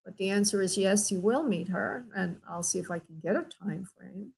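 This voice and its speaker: This medium-pitched woman hosts a call-in radio program as a spirit medium, offering tender readings and addressing listeners as "sweetheart" and "honey." She speaks at a moderate pace in a gravelly, slightly rough voice. The audio is poor.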